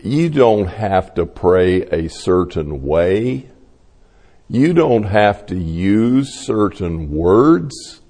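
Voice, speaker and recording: A male pastor gives a sermon at a deliberate, unhurried pace. He tells stories and acts out the voices of the people in them. His voice carries a long reverb from a large hall. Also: deep voice, very animated, dark tone. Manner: slow, storytelling delivery acting out quoted voices.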